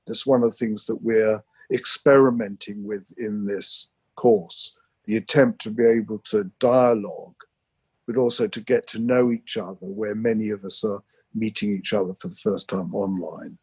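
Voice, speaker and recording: Measured man on a dry video call. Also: fairly low pitch, fairly even intonation, darkish tone, breathy edge, dry recording. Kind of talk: discussion in an online seminar.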